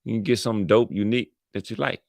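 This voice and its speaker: A man's voice: fairly low pitch, steady tone, very fast, gravelly, a little mellow, dry recording. A man hosting his own channel, talking in a casual, rambling monologue full of slang, repeating himself and hyping things up playfully. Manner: slangy, repetitive, playful hype. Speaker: channel host.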